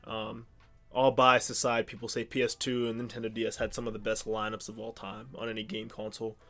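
A man's voice: fairly low pitch, monotone, brisk, bright, forceful tone. A young man from the Pittsburgh area co-hosting a podcast, rambling casually with lots of ums and restarts. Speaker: podcast co-host. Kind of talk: casual chat.

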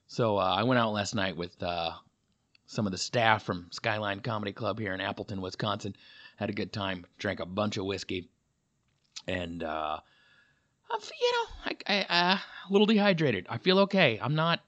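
Recording his comedy podcast in a hotel room with the heater on, a slightly dehydrated man delivers a rambling, joking monologue packed with fillers. His fairly low, fairly bright voice moves at a moderate pace with big pitch swings, and the highs are cut off.

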